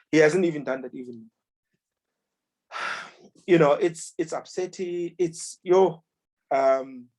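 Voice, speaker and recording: A man in a book club discussion, talking casually and retelling events with lively quoted voices and many restarts. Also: mid-range voice.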